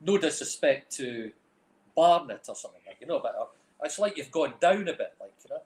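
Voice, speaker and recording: A middle-aged man with a Dundee Scottish accent tells long, rambling stories as an interview guest. His voice sits a little high for a man, and he keeps dropping in "like, you know." The recording has a roomy echo. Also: lively intonation, brisk, darkish tone. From Scotland. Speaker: guest, film director and music manager. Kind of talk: casual chat.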